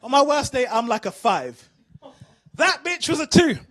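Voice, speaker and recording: High-voiced bright British comic. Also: male voice, moderate pace. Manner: animated storytelling, asks the crowd. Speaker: stand-up comedian. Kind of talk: stand-up routine.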